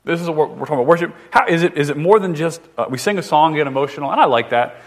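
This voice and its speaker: A man's voice: fairly high pitch, expressive, racing. A man in his thirties from the northern US, a pastor preaching a conversational, jokey sermon with frequent restarts. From northern United States.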